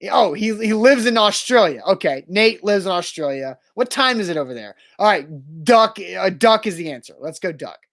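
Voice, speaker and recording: A man co-hosting a casual sports trivia show, eager and quick to guess and banter. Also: high-pitched, animated, fairly bright tone. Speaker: co-host of a trivia segment.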